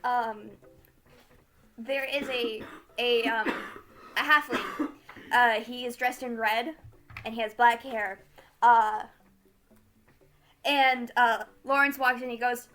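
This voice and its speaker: A woman narrating as game master of a tabletop game, halting with many fillers. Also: on the high side, steady tone, fairly bright tone. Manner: halting, many fillers, laughs at own jokes.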